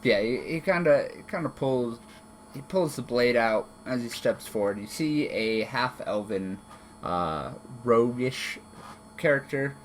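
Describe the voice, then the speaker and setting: A man narrating as game master of a tabletop game, relaxed, with many fillers and restarts. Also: mid-range voice, a little slow, slight background noise. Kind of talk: narrating a tabletop game over an online call.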